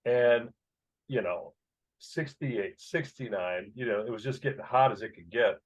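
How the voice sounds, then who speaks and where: A man's voice: mid-range voice, measured pace. Emotional Chicago-raised man telling stories. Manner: emotional, vivid storyteller. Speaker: author and guest. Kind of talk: storytelling interview. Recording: dull lo-fi sound.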